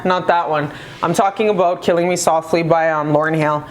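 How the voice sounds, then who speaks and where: A woman's voice: low-pitched, steady tone, fairly quick, a little hiss or hum. A woman reading tarot in casual chat, effusive and affectionate, swearing freely as she talks to viewers. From Canada. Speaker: tarot reader.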